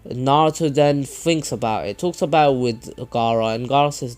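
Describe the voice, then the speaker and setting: A man's voice: medium pitch, moderate pace, few pauses, a little mellow, smooth. A man casually retelling a fan-made story, rambling and restarting as he goes, with faint music behind. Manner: rambling, with many restarts and fillers.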